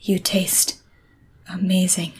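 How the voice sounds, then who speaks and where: A woman voicing a soft-spoken, apologetic female vampire in a whispered role-play, hushed and politely menacing. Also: mid-range voice, slight background noise, natural voice.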